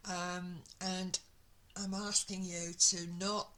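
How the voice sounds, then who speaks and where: Slow, bright-voiced woman reading tarot. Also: fairly low pitch, rough recording. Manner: excitable, gushing, full of exclamations. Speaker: tarot reader.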